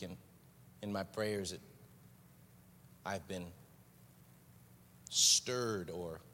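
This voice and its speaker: A man delivers a sermon slowly and earnestly, dwelling on repeated phrases. His voice sits very low. It rings out with a long reverb across a church sanctuary over faint background noise. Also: fairly bright tone. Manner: earnest, unhurried preaching with pauses and repeated phrases. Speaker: pastor.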